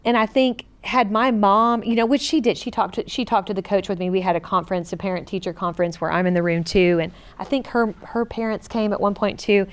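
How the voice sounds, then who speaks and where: Co-host, middle-aged woman: earnest, animated storyteller with a smooth, clear voice. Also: medium pitch, fairly quick, few pauses. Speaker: podcast co-host. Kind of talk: personal storytelling in a casual chat.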